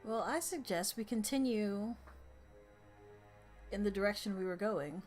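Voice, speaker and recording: A woman's voice: mid-range voice, a little slow, darkish tone, soft background music. A woman playing in a tabletop game, chatting playfully and giggling. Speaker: player. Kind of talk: casual tabletop game chat.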